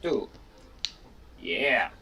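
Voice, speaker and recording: A man's voice: mid-range voice, big pitch swings, very slow, pushed and bright, far from the mic, slight background noise. A man playing a tabletop game, describing his moves casually. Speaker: player.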